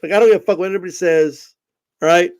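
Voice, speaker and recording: A man talking boxing in a casual vlog, animated and swearing, rambling with lots of fillers. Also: sits high, quick pace, smooth. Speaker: boxing commentator.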